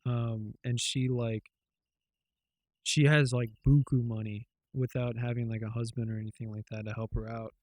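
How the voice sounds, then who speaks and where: A podcast co-host with a medium-pitched, slightly mellow voice speaks flatly at normal speed, with no echo. In casual chat, he rambles through loose retellings full of fillers and curse words.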